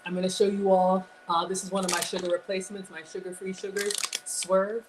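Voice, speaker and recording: A woman's voice: medium pitch, little pitch movement, a little fast. Woman host, chatty live-stream cooking demo, slight background noise. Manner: chatty, talks straight to viewers.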